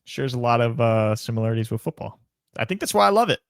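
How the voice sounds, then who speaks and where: A man's voice: medium pitch, sing-song, quick pace, gravelly, clear, resonant tone, no room sound, studio quality. A young man co-hosting a casual sports podcast, chatty, with lots of restarts and repeated words. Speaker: podcast co-host. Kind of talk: casual chat.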